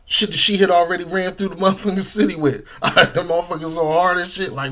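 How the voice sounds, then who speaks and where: A man's voice: on the high side, lively intonation, brisk, pushed and bright. A man, talking casually and profanely with lots of slang, eating while he talks. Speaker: podcast host. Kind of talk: casual monologue.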